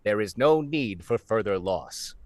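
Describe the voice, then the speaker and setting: A man's voice: fairly low pitch, lively intonation, measured pace, no echo, voice pushed down. A man doing a stately alien admiral. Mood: formal. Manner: stiff, formal, stately delivery. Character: formal male alien admiral, diplomatic and measured.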